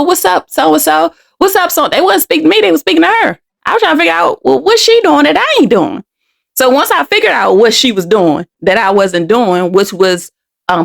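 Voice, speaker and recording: A middle-aged woman from Washington DC hosting a podcast, telling a personal story candidly and with emotion, often restarting and repeating words. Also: medium pitch. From Washington DC, United States. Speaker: podcast host.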